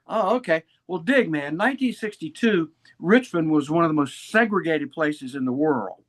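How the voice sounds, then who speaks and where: A man's voice: a little high, lively intonation, moderate pace. A man in his seventies from Virginia, telling stories as a guest in an interview, full of old hipster slang. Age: 70s. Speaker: guest musician. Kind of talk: casual storytelling interview.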